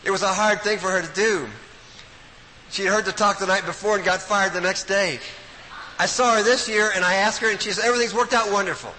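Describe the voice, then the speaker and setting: Older man, sermon-style Bible talk, high bright voice, long hall reverb, faint hiss. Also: brisk. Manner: animated, folksy, emphatic with sudden drops to quiet. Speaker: preacher at a Bible study week.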